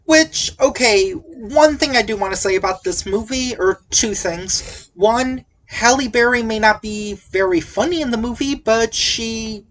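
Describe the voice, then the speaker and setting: A woman's voice: on the high side, unhurried. A woman hosting a casual podcast, recapping a movie in a rambling, jokey way full of tangents and asides. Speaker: podcast host reviewing a movie. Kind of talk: casual chat.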